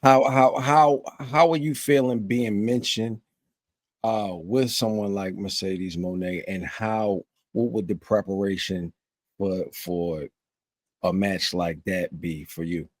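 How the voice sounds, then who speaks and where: Male podcast host, low voice, laid-back and stammering. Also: steady tone, slow, no echo. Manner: casual, stammering with repeated words. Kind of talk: casual interview.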